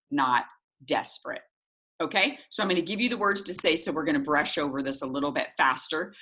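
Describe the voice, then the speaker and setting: Low-voiced woman coaching a sales team. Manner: animated, acts out little dialogues with jumps in pitch.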